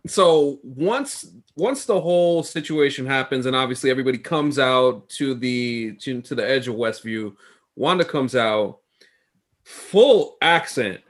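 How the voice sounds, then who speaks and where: A man's voice: mid-range voice, animated, measured pace. A man co-hosting a podcast in casual chat, thinking aloud as he goes. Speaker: podcast co-host.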